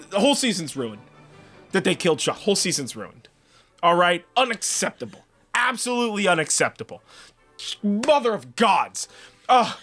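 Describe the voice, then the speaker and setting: A man co-hosting a review podcast, ranting in a profane, animated way and stumbling over restarts. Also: very high voice. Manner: animated and swearing, frequent restarts. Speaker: podcast co-host reviewing a TV series.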